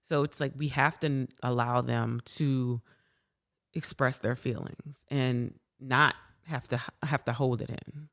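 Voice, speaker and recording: Woman, very low voice, gravelly, warm casual chat, frequent laughter. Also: fairly even intonation, a little slow. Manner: warm, laughs often, repeats words when emotional. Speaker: guest.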